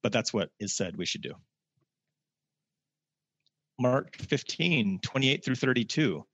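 A man teaching a casual scripture lesson, reading verses slowly and adding plain-spoken asides. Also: medium pitch, expressive, fairly bright tone, no echo. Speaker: religious teacher. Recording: dull lo-fi, dry sound.

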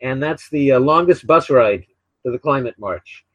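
An older man hosting his own radio show, talking in a rambling, opinionated way, often repeating words and filling pauses with uh and um. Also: medium pitch, expressive, a bit bright, no room sound. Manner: opinionated, sarcastic. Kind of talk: casual solo talk radio monologue. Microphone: desk microphone beside a laptop. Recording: dull, slightly lo-fi dry recording.

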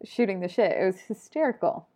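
Animated laughing woman telling stories. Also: medium pitch, a little fast. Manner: animated, laughing, swears casually. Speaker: podcast guest, textile artist. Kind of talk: casual storytelling chat.

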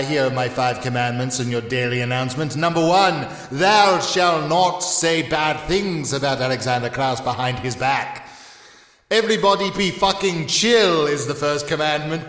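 A man's voice: fairly high pitch, a bit bright, roomy sound, big-room sound. A man playing a pompous, self-declared male leader who hands down commandments in mock-solemn proclamations for a comedy podcast bit.

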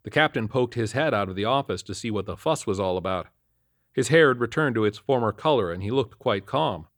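Casting: earnest male narrator, low voice, dry close-miked audiobook. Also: animated, fairly quick, no echo. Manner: earnest, matter-of-fact. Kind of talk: first-person horror story narration.

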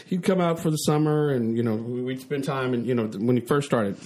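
A man's voice: mid-range voice, a little fast, darkish tone. Rambling middle-aged male podcast co-host. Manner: rambling, with many restarts and "you know what I'm saying". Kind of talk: casual podcast chat.

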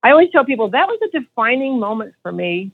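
A woman in her fifties speaks over a tinny, dry phone line, with a slightly husky voice. She tells her story with energy and acts out the voices of the people in it. A podcast guest looking back on her career. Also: a little high, fast talker, dry recording. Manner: animated storyteller acting out quotes. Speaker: podcast guest, financial advisor. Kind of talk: storytelling interview answer.

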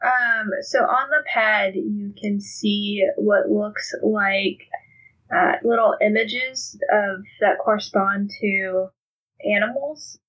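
A woman's voice: medium pitch, fairly even intonation, slow pace, a bit bright, poor audio. A woman narrating as game master of a tabletop game, describing scenes casually with many ums.

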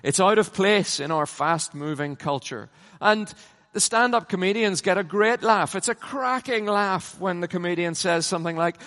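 A middle-aged man preaching a conference sermon, emphatic, swinging from loud passionate peaks down to low, quiet lines. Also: animated, normal speed. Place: large conference hall. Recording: long hall reverb.

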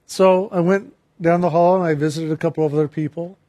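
A man with a fairly high voice shares a personal story in an earnest, reflective way. He slows down to stress the key phrases as he draws a spiritual lesson from it. He talks in an unhurried storytelling manner. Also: fairly even intonation, dark tone.

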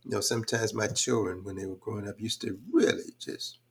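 Speaking briskly in a gravelly, slightly rough voice on the low side, an older podcast guest reflects thoughtfully. His intonation stays fairly even, and fillers crop up often.

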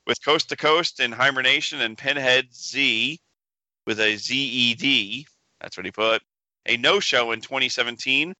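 A man's voice: medium pitch, measured pace, pushed and bright, no room sound, low-quality recording. A man co-hosting a casual pinball podcast, joking around and reading listener emails aloud. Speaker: podcast co-host. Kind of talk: casual chat.

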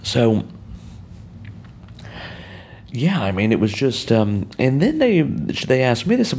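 A man's voice: medium pitch, wildly swooping pitch, takes it slowly, long pauses, a little mellow, breathy edge. An American man hosting a podcast, talking casually on his own in a rambling way, with many fillers and restarts, on an outdoor balcony. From United States. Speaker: podcast host. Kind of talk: casual solo monologue.

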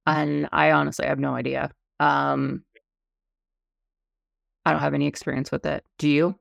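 A woman co-hosting a casual panel show, chatty and quick to laugh, with many fillers. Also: deep voice, level tone, creaky, no room sound, clean studio sound. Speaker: podcast co-host.

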